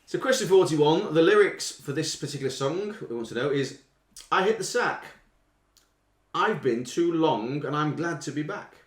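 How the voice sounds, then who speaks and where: A man's voice: fairly high pitch, lively intonation, reverberant. Playful man reading quiz lyrics. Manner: playful, reads lyrics with exaggerated drawn-out delivery. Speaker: quiz host. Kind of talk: casual live quiz hosting, reading lyrics aloud.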